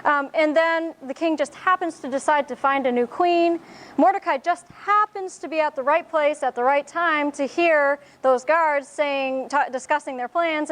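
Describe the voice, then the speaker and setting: Woman, high voice, sermon, conversational, halting with fillers. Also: a bit bright. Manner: conversational, with many fillers and restarts. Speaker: Bible teacher. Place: church.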